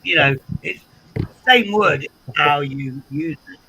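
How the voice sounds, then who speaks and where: A man with an English accent hosting a casual livestream chat, animated and swearing freely with frequent repeats. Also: fairly high pitch, a little slow, a little hiss or hum, rough recording. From England. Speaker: livestream host.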